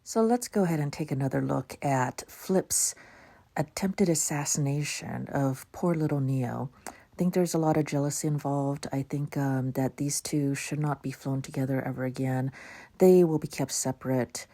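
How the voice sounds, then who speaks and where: A woman's voice: very deep voice, moderate pace, mellow. A woman narrating a voice-over of replay footage in a playful, mock-dramatic way.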